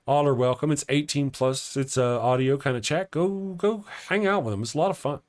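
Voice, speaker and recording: A man's voice: a little high, fairly quick, few pauses. Chatty middle-aged male livestream host. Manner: rambling, chatty, reads viewer comments aloud. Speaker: morning show livestream host. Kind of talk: casual livestream chat.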